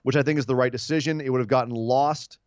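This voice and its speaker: A man's voice: medium pitch, fairly even intonation, fast talker, a little mellow, no echo. A man hosting a casual podcast, recapping and picking apart wrestling storylines in long opinionated stretches. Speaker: podcast host.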